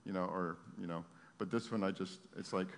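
A man's voice: low voice, steady tone, brisk. Impassioned preacher man in a reverberant hall. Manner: swings from loud impassioned pleading to soft storytelling. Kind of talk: sermon.

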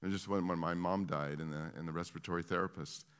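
A man preaching a sermon who tells his stories in an animated way, often stopping and restarting his sentences. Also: low voice, fast, clean tone. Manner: animated storytelling with many restarts. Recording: long reverb of a large hall.

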